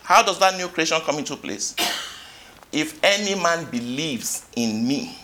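An expressive, unhurried man with a slightly high voice gives a sermon. He reads scripture and puts questions to the congregation, swinging between forceful peaks and quiet asides.

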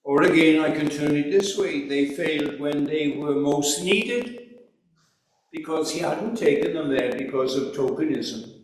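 A man's voice: on the high side, unhurried, slight background noise. A man preaching a sermon in an earnest, emphatic way, asking rhetorical questions. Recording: echoey hall recorded from far off.

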